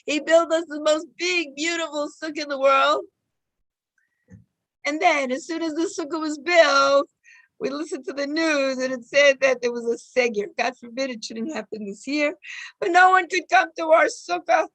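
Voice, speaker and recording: A woman's voice: high-pitched, normal speed, a bit bright, no room sound, low-quality recording. A woman giving an informal, emotive Torah class, telling personal stories and sprinkling in Hebrew and Yiddish terms. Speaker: Torah teacher.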